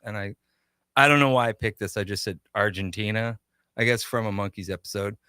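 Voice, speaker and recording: A man guesting on a radio talk show, telling stories about his shop with lively quoted dialogue, in a studio. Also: lowish voice, fairly quick, smooth, no echo. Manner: animated anecdotes with quoted dialogue. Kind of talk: casual radio interview storytelling.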